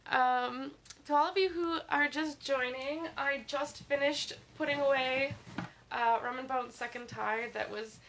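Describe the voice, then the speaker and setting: A woman's voice: sits high, steady tone, unhurried, fairly bright tone, a little hiss or hum. A woman livestreaming from her bed while sick, chatting casually and reading viewer comments aloud. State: sick, slightly congested. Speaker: livestream host. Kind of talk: casual live stream chat. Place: in bed at home. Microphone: phone.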